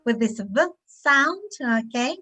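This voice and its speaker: Slow, demonstrative woman teaching phonics. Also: on the high side, animated, sharp tone, soft background music, rough recording. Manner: slow, demonstrative, acts out sounds. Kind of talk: online teaching webinar. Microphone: video call.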